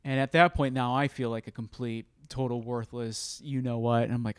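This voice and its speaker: A man's voice: mid-range voice, brisk, few pauses, clear, resonant tone, no room sound, studio quality. A man telling a work story in a casual podcast chat and acting out the dialogue as he goes. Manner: animated storyteller who acts out quoted dialogue. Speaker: podcast co-host.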